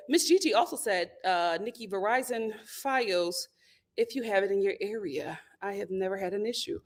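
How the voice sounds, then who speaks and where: A woman's voice: medium pitch, animated, normal speed. A woman hosting a casual live stream, reading out viewer comments and making dramatic, laughing outbursts. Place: home.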